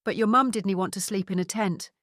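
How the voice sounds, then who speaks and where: A man's voice: high voice, a little fast, a bit bright, no echo, studio quality. A woman voicing a jovial Scottish father in his seventies, talking in a hearty, cheerful way. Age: 70s.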